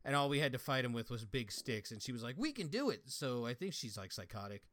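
A man's voice: medium pitch, fast, fairly bright tone, no echo. A young man co-hosting a casual podcast, wandering through stories with plenty of swearing and filler words. The recording is dry and close, with little room sound. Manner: rambling storytelling with frequent swearing. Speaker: podcast co-host. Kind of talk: casual chat.

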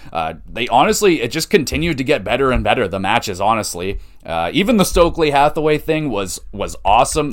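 Man, podcast host, casual excitable recap, chatty, mid pitch. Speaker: podcast host reviewing wrestling shows.

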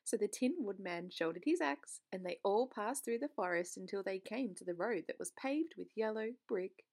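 A woman's voice: mid-range voice, lively intonation, normal speed, darkish tone. Woman reading a children's story aloud. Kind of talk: read-aloud narration of a children's book.

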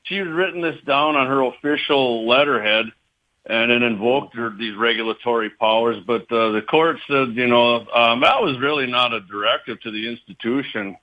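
A man co-hosting a gun talk radio segment, chatty and quick to laugh. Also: mid-range voice, dull audio. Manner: chatty, laughs at his own jokes.

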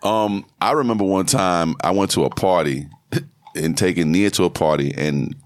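A man co-hosting a casual chat, telling animated stories and swearing freely. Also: sits low, moderate pace, no room sound. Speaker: podcast co-host. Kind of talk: casual profane banter.

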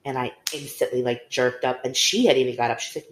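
A woman's voice: a bass voice, fairly even intonation, quick pace, a little hiss or hum. A young woman casually telling a candid story on a podcast, with many fillers. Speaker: podcast co-host. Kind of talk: casual conversation. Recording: roomy echo.

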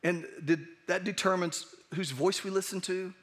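A pastor gives his sermon in a high, light voice. He talks in a conversational, earnest way, stumbling and restarting as he goes. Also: fairly even intonation, normal speed, fairly bright tone. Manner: conversational, earnest, with frequent restarts and acted asides.

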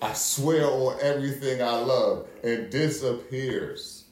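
A man's voice: medium pitch, slow pace, a little mellow. A man co-hosting a podcast, telling a wild story in a loose, profane, laughing way. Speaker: podcast co-host. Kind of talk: casual storytelling chat. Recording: echoey room with faint noise.

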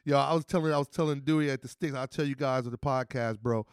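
A man hosting a podcast, telling stories in a casual, animated way, acting out what people said and swearing freely. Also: mid-range voice, fast, clean tone. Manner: animated, acts out quoted voices, swears freely. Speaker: podcast host. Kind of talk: casual storytelling chat.

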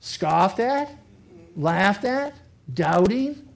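Animated pastor preaching a sermon. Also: male voice, high voice, extremely slow, vocal fry. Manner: animated, acts out imagined speakers. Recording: faulty recording.

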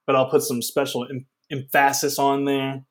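A man's voice: medium pitch, monotone, moderate pace. A man co-hosting a casual podcast, talking playfully with lots of "like" and frequent laughter. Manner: playful, laughs often, says "like" a lot. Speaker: podcast co-host.

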